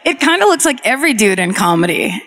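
A woman co-hosting a live podcast, throwing in loud, wisecracking jokes. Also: a little high, very animated, fast. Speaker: podcast co-host. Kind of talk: comedic banter. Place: live on a theatre stage. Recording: live stage mic with audience noise.

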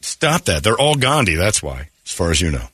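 Husky-voiced wry radio host man. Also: low-pitched, fairly quick, no echo. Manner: wry, deadpan joking with frequent laughs. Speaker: morning radio show host. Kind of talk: casual radio banter.

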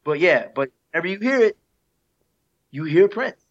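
A man's voice: sits high, very animated, normal speed. A man, a guest musician, talking casually and reflectively in an interview, sharing heartfelt stories with an easy laugh. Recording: dull lo-fi sound.

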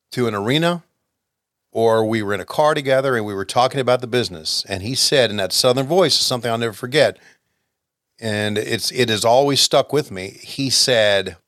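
A man co-hosting a casual chat over an old wrestling broadcast, relaxed, joking and reminiscing. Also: mid-range voice, moderate pace, no echo, clean studio sound. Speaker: podcast co-host watching old wrestling.

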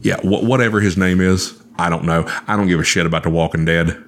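Casting: very low-voiced man, swearing, animated storyteller on a chat show. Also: fast.

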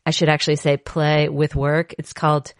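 A woman with a slightly low voice co-hosts a podcast in a bubbly, joking style. The sound is dry and close, with no room around it. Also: normal speed, dry recording. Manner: bubbly, jokey, animated storyteller. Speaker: podcast co-host. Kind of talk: casual chat.

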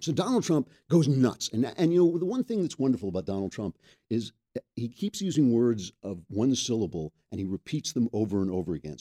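A man's voice: medium pitch, mellow, husky. A man hosting a political talk show, chatting casually and wryly, often laughing at his own jokes. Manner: wry, joking, laughs often. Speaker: podcast host. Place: makeshift studio.

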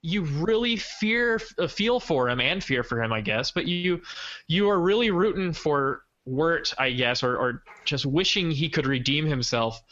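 A man's voice: fairly high pitch, animated, a little slow, a bit bright, lo-fi sound. A man hosting a podcast in casual chat, hedging with "I guess". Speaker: podcast host.

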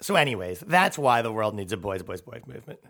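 A man's voice: on the low side, big pitch swings, fairly quick, vocal fry, bright, forceful tone. A man hosting a comedy podcast, riffing in a rambling, profane, sarcastic way. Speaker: podcast host.

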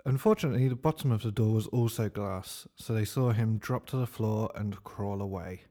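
A man narrating a comic story in a dry, deadpan way. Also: lowish voice, normal speed.

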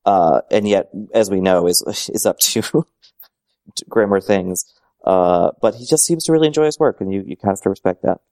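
Deep-voiced wry male podcast co-host. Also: moderate pace, darkish tone. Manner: wry, hesitant, many fillers and restarts. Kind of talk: casual chat.

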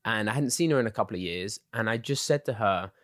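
A young man with an English accent, chatting casually as an interview guest, relaxed and quick to laugh with lots of fillers. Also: on the low side, no echo, studio quality. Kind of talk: casual chat.

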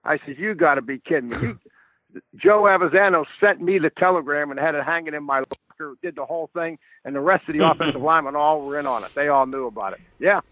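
A man's voice: fairly high pitch, fast, no room sound. Older man telling stories over a tinny line. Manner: animated storyteller, repeats words when starting a thought. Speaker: guest football coach. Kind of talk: telling stories in a podcast chat. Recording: dry, tinny phone-like line.

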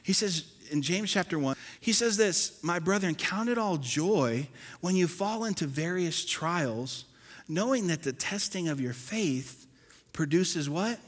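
A man preaching a sermon as pastor, animated, swinging between loud and soft and acting out churchgoers. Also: sits high, measured pace. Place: church sanctuary. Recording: long hall reverb.

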